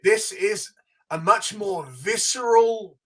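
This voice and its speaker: A male co-host discussing comic art in a measured, appreciative way. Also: high-pitched, sharp tone.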